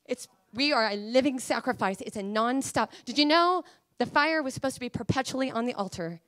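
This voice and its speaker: Passionate high-voiced woman preacher. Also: expressive, brisk, no room sound. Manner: passionate, emotional, swinging from hushed to fiery. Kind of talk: Pentecostal-style sermon.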